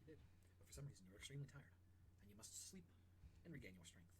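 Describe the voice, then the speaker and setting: A man narrating a tabletop game as game master, in an animated way, often laughing. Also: mid-range voice, fast, noisy background.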